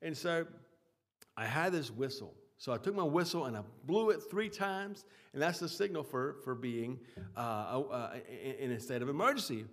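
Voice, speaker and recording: A man preaching a sermon with emphatic swings in loudness, often repeating words and restarting phrases. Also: medium pitch, expressive, moderate pace. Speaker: pastor.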